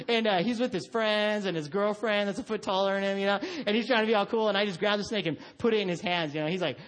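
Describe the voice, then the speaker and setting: This middle-aged pastor delivers a sermon quickly and with few pauses, telling stories about his son. He's an animated storyteller who performs different voices, using a high voice when playing his son.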